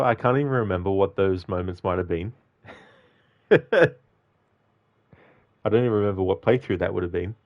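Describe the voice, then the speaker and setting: A man's voice: sits low, dull audio. A man chatting casually on a game live stream, reading out and answering viewers by name.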